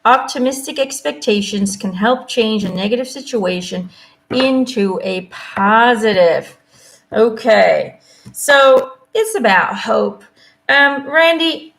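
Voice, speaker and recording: A woman doing a live angel card reading, speaking gently and reassuringly and often checking in with "okay?" and "you know?". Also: medium pitch, unhurried. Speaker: intuitive angel card reader. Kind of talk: live card reading, casual spoken guidance.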